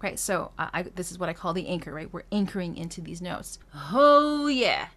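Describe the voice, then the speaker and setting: A woman's voice: fairly low pitch, steady tone, fast talker. A woman vocal coach teaching a singing lesson, explaining technique between short demonstrations, with frequent fillers and restarts. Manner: explains technique, then sings short phrases and vocal drills.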